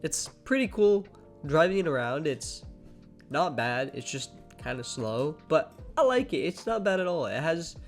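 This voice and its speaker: A man's voice: a little high, lively intonation, measured pace, soft background music. A young man hosting a gaming channel, giving casual, rambling commentary full of fillers and restarts while sounding a little sleepy. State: sleepy, yawning.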